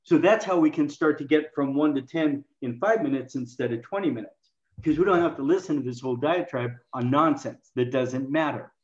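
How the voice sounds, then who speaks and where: A man's voice: fairly high pitch, fairly quick. A man with a slightly raised voice, talking as an interview guest and explaining his methods with animation, often slipping into quoted lines as he acts out conversations. The recording sounds echoey and a little dull. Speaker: health coaching expert guest. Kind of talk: interview, teaching communication.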